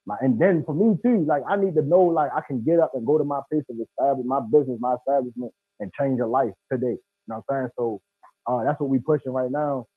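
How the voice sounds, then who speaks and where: A man in his twenties speaking as an interview guest, slangy, slow and earnest. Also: mid-range voice, breathy edge, no room sound, phone-quality sound. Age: 20s. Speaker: guest, nonprofit founder. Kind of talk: casual interview.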